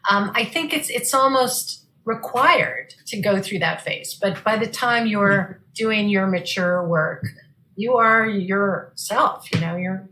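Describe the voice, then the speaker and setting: Talkative woman author with a bright, crisp voice, casual panel chat. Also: medium pitch, rough recording. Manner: talkative, repeats words while thinking. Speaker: guest author. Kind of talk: casual video-call chat. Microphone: video call.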